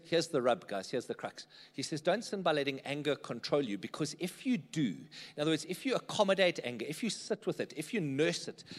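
A man's voice: high-pitched, big-room sound. A man preaching a sermon in church, conversational and often checking in with the congregation. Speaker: pastor.

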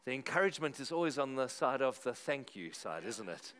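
A middle-aged man, preaching a sermon to his congregation in a lively, conversational way with emphatic repetition. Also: medium pitch, brisk. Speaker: pastor.

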